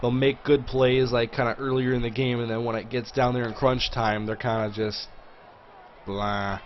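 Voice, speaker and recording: A man hosting a livestream, talking casually through a game and reacting loudly whenever a big play lands. His voice sits at an ordinary middle pitch. The audio is a bit dull and lo-fi, with a faint hiss underneath. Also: level tone, fairly quick. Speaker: livestream host. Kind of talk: live gameplay commentary.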